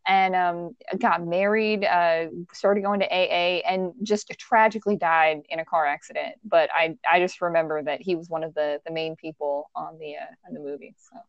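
Female co-host, mid-pitched conversational voice, dry, slightly muffled mic. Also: steady tone, normal speed, hardly any pauses, dry recording. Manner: talks in loose fillers and restarts. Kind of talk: casual chat.

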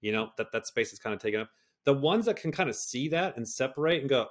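Middle-aged man, mid-pitched voice, swears a lot, rambles with restarts, animated interview guest. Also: fast talker. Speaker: guest, personality system creator. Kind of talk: candid interview conversation.

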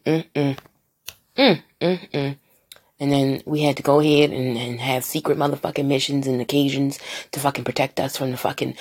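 Woman, very deep voice, gravelly fry, husky tone, casual profane podcast rant, slightly high. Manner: profane, rambling, animated with mocking voices. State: partially high. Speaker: podcast host.

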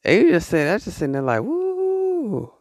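Animated high-voiced man rambling casually. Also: very fast, dry recording, studio quality. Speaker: podcast host. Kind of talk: casual motivational monologue.

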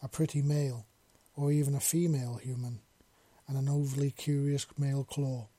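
A man narrating a story in a measured, unhurried reading. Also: medium pitch, level tone, mellow, no echo.

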